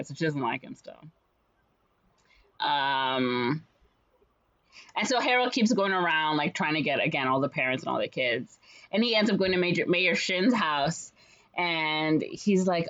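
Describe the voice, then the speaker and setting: Woman, casual podcast chatter, lowish pitch, muffled lo-fi sound, playful character voices. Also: normal speed. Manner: animated retelling with frequent fillers and playful put-on voices. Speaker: podcast co-host retelling a musical. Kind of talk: casual chat.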